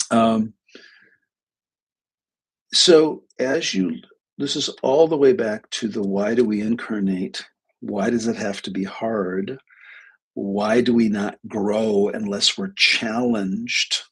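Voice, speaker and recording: Low, rough-voiced man telling a story. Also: a little slow, long pauses, rough recording. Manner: rambling, with restarts and quoted dialogue. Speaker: psychologist hosting a live stream. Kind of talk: casual storytelling monologue. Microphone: webcam or desk mic on a live stream.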